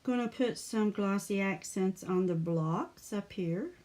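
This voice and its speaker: An older woman hosts a crafting livestream from her home craft room, talking in an easy, unhurried chat. She greets viewers by name as she works and keeps up a friendly running commentary on her scrapbook page. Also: mid-range voice, darkish tone. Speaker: scrapbooking channel host.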